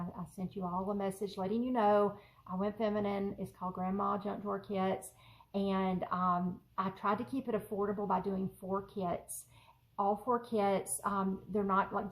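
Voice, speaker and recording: A woman talks to her camera from her craft room at home. She rambles, laughs often and fills her pauses with little ums, in a casual, chatty way. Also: mid-range voice, poor audio. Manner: rambling and giggly, many fillers. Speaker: journaling vlogger.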